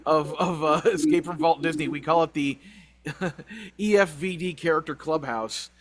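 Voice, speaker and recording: A man co-hosting a podcast, telling a long story in a rambling, animated way with frequent laughs. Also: on the high side, a little slow, crowd noise. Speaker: podcast co-host. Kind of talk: casual chat.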